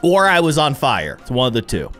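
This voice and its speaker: A man giving let's-play commentary as he plays a game, laughing and breaking into sudden startled shouts. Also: mid-range voice, wildly swooping pitch, fairly quick, faint music behind. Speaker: gaming YouTuber.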